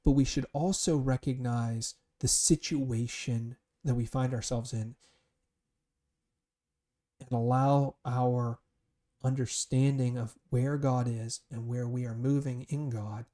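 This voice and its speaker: A man's voice: medium pitch, steady tone, a little slow, pauses often, warm tone. A man teaching a Bible study, speaking earnestly and thoughtfully, sometimes restarting his phrases. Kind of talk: reflective Bible study talk.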